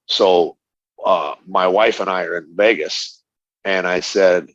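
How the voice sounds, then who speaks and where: A man's voice: deep voice, normal speed, fairly bright tone, no echo, muffled recording. A middle-aged man, a former fighter, telling stories animatedly in an interview, acting out the dialogue and laughing often. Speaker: interview guest, retired fighter. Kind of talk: casual storytelling interview.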